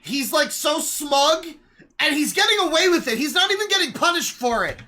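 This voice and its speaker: A young adult streamer gives live reaction commentary. The voice is bright and sharp. The delivery is an exasperated rant, full of swearing and sudden shouted outbursts. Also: high voice, animated, moderate pace, slight background noise.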